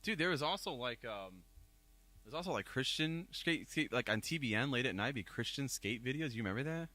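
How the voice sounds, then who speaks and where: A man with a Northeast Ohio accent, chatting casually as a podcast co-host and talking excitedly about his band. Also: medium pitch, a little fast, dry recording. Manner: animated, excitable storytelling. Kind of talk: casual chat.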